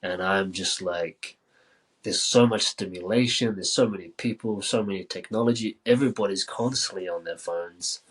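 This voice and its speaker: A man from New Zealand, a podcast guest telling a story casually, with many filler words and lively quoted dialogue. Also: deep voice, moderate pace, breathy edge, rough recording.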